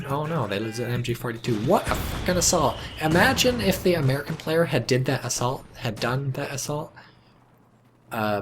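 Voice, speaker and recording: A man casually casting a strategy game match, chatty and sardonic, with sudden excited outbursts. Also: mid-range voice. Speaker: game commentator. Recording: noticeable background noise.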